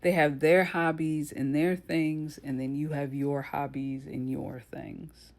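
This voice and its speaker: A woman's voice: low-pitched, little pitch movement, slow pace. A woman giving casual commentary on a true crime case, with a blunt, indignant, conversational manner.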